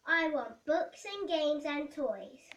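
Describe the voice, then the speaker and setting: A woman voicing a spoiled, loud young princess who talks in a demanding, whiny way. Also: sits high, animated, slow, heavily acted. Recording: roomy echo.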